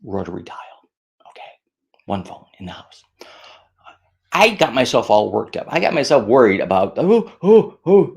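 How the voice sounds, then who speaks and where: A gravelly-voiced middle-aged man addresses the camera with informal tips for handling stress. Animated and ready to mock himself, he imitates worried people in a raised pitch.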